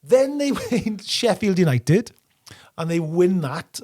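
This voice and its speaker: A man's voice: high voice, sing-song, takes it slowly, darkish tone. A middle-aged Welsh man co-hosting a podcast, telling stories in casual chat and often laughing as he talks. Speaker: podcast co-host.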